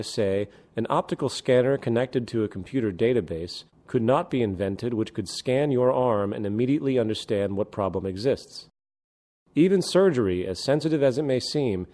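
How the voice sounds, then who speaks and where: A man giving scripted documentary narration, explaining ideas in a measured, deliberate way. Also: medium pitch, mellow.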